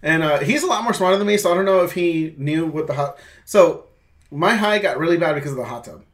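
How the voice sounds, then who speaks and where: In casual conversation, a young man tells a long, halting story, rambling and starting over again and again while swearing. His voice is fairly high and animated.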